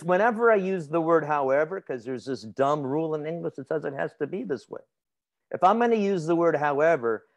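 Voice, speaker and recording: A man with a fairly high voice teaches grammar to a class. He keeps it chatty and informal. He stops to put questions to his students and laughs easily. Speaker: instructor.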